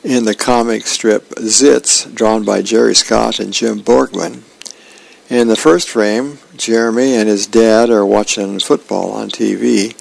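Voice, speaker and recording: A male radio host reading comic strips aloud in a relaxed, unhurried way. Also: fairly low pitch, vocal fry, low-quality recording.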